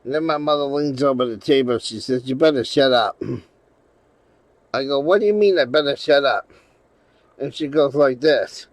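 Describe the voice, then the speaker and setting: Profane rambling man with a high voice. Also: no echo, poor audio. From New England. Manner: rambling, profane, laughing often, with many restarts. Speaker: channel host. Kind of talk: casual storytelling livestream.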